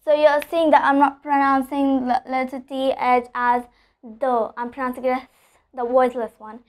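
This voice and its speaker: High-voiced woman teaching pronunciation. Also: level tone. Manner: explanatory, repeats with "okay?", slows down for example sentences. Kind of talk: online English lesson.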